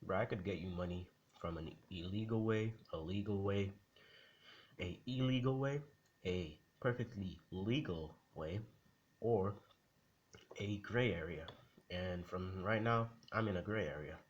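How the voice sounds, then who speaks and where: Cocky boy genius read by a man in his own deep voice, easygoing and slangy, faint hiss. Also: a little slow, highs cut off. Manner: casual, reassuring, slangy.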